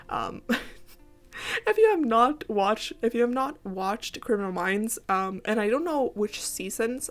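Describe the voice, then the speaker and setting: A tired, sick teenage girl from Finland, rambling and giggling through a casual game voiceover and apologizing often. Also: medium pitch. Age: late teens. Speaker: gaming YouTuber.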